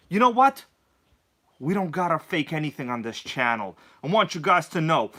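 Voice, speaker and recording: A man hosting a casual live stream, hyped and joking, greeting viewers by name and swinging between loud bursts and low mumbles. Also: lively intonation, normal speed. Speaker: livestream host.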